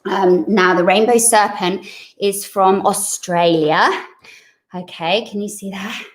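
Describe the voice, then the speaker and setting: A woman's voice: mid-range voice, fairly even intonation, takes it slowly, far from the mic. A woman leading a children's yoga lesson, giving encouraging instructions and singing counting verses, a little out of breath. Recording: echoey room, voice from away from the mic.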